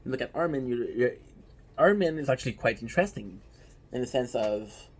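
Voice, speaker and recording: A man's voice: medium pitch, fairly quick, a little hiss or hum. A man chatting casually and emphatically to viewers, often throwing in rhetorical questions. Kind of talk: casual anime talk to viewers.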